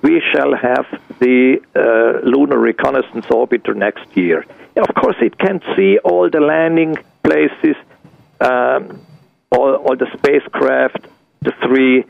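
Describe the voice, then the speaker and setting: Older man, from Switzerland, gravelly voice, hesitant with fillers, dry dull lo-fi radio audio. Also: medium pitch, no echo. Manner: halting, many fillers and restarts. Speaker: guest. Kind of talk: radio interview answer.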